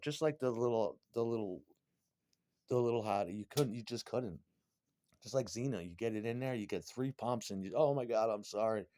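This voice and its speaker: Middle-aged guy on a crude rambling rant, mid pitch, dry close sound. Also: dry recording. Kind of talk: rambling monologue.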